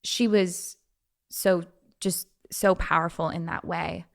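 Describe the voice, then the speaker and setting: A young woman as a podcast guest, telling personal stories in a chatty way with lots of fillers and quick laughs. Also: lowish voice, steady tone, creaky. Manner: chatty, frequent fillers, quick laughs, acts out quoted voices. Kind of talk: casual storytelling.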